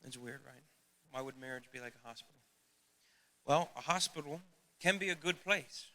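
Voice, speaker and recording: A man's voice: medium pitch, moderate pace, sharp tone. A middle-aged man preaching a sermon as youth pastor, earnest and emphatic, speaking straight to his listeners.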